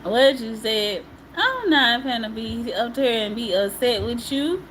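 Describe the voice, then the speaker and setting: A woman's voice: on the high side, lively intonation, unhurried, a bit bright, a little hiss or hum, poor audio. A woman on a livestream giving an emphatic, repetitive monologue in casual colloquial speech, often breaking into laughter. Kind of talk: emotional live-stream monologue.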